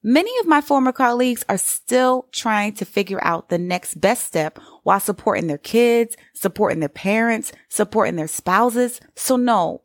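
A woman's voice: fairly high pitch, no echo, clean studio sound. Encouraging woman podcaster with a lilt. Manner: warm, encouraging, conversational. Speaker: podcast host. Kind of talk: solo motivational podcast talk.

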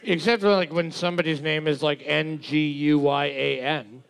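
A man's voice: fairly high pitch, steady tone, vocal fry, a bit bright, clean tone. A man chatting casually during a trivia game, rambling and joking with his co-host. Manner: slow, rambling, counts numbers aloud while scoring. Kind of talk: casual chat.

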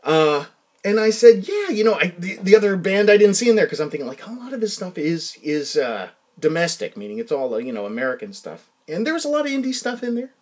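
Male solo podcast host, fairly high and very animated voice, rambling self-mocking storyteller who mutters asides. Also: fairly quick. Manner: rambling, self-deprecating anecdotes with frequent restarts; drops into quiet muttered asides.

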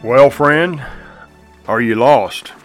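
A man's voice: mid-range voice, extremely slow, faint music behind. A man making a gospel appeal on the radio, speaking directly to the listener and citing scripture. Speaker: radio evangelist.

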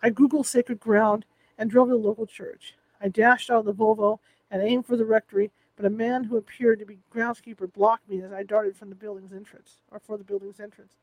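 A man with a fairly high voice narrates a first-person audiobook, adding wry, self-deprecating asides. He reads close to the mic in a dry, dead room. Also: flat delivery, brisk, dry recording, rough recording.

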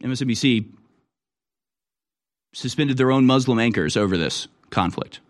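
A man's voice: mid-range voice, moderate pace. Indignant man hosting news commentary. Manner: indignant, rising to sudden exclamations, plays clips and reacts. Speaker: political commentary host.

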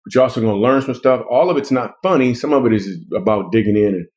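A man's voice: mid-range voice, lively intonation, fast, a little mellow. A man hosting a casual comedic chat, playful and rambling as he jokes with his co-hosts. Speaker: podcast host and author.

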